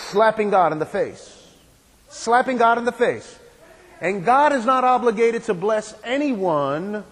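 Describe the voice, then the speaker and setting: A man preaching a sermon as a pastor, repeating his phrases and asking the congregation rhetorical questions. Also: high voice. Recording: long hall reverb.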